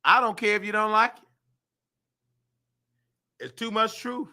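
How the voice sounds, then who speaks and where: Male host, high and sharp-toned, animated and slangy. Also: a little slow. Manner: animated, loose slangy storytelling with sudden sung bits. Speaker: show host. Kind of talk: casual commentary.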